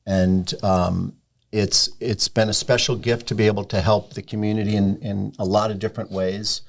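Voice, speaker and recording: A middle-aged man from Sarasota, a restaurant owner and podcast guest, telling stories in a relaxed, casual way with frequent ums. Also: lowish voice, normal speed, creaky. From Sarasota, Florida. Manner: relaxed storyteller, many ums. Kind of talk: casual interview chat.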